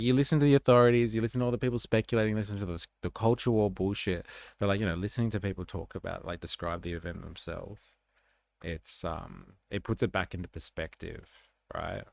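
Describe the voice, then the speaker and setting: A man's voice: on the low side, gravelly, no room sound. A man hosting a livestream, reacting bluntly to a news clip and swearing freely. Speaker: livestream host. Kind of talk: casual commentary reacting to a clip.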